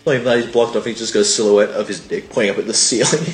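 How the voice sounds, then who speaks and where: Deep-ish male co-host, sweary interjecting banter, roomy recording with soft music. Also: steady tone, fast talker. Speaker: podcast co-host. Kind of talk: casual comedic chat.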